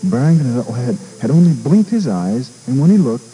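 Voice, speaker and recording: A man, a radio disc jockey, reading a children's story aloud with an expressive delivery and small stumbles and repeats. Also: medium pitch, moderate pace, faint music behind, rough recording. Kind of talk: storybook narration.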